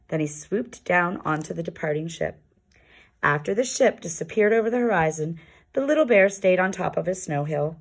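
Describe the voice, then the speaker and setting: A woman reading a children's picture book aloud in a calm, expressive storytelling manner. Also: fairly low pitch, normal speed. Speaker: storybook reader.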